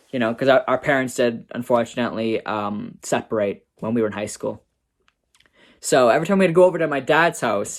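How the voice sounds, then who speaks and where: A young adult telling a personal story to camera in a casual, chatty way, peppering talk with "like" and "right?". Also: mid-range voice. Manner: chatty, full of "like" and "right?", acts out quoted family voices.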